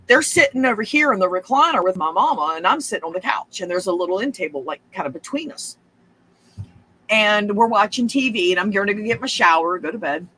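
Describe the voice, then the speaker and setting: A woman's voice: medium pitch, a bit bright. A woman, telling a long personal story in a casual, rambling way, with swearing and frequent asides.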